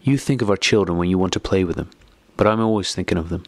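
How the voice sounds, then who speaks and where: A man with a low, gravelly voice reading the lines of a bitter, distraught wife in an audiobook. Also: fast, no room sound. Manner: sharp, accusing outbursts.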